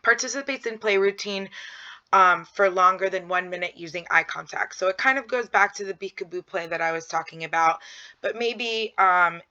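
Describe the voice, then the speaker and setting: A woman with a mid-range, sharp-toned voice speaks at a moderate pace over dull lo-fi audio. She narrates a slideshow lesson on early child development, explaining with frequent ums and acting out simple prompts to a child.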